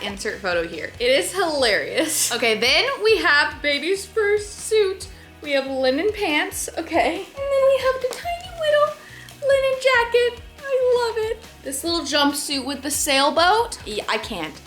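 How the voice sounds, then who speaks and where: A woman's voice: high voice, sharp tone, roomy sound. A young woman vlogging casually, gushing and chatty, pregnant and getting over a cold. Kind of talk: casual vlog chat.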